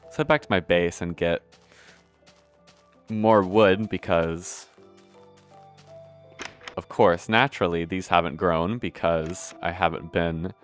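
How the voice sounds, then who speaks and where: Deep-voiced man rambling through gameplay. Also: fairly even intonation, slow pace, long pauses, soft background music. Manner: rambling, self-correcting, swears casually. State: hiccuping. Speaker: gameplay video host. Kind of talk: casual gameplay commentary.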